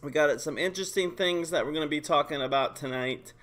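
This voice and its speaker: Male streamer with a high voice, casual and excitable game commentary. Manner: excitable, joking, quick bursts of hype. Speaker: live stream host.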